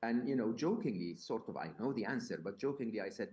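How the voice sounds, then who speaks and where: A man's voice: fairly low pitch, animated, fast, hardly any pauses, dark tone, highs cut off. A man speaking to a live audience at a summit, conversational, with lots of fillers, restarts and rhetorical questions. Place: event hall.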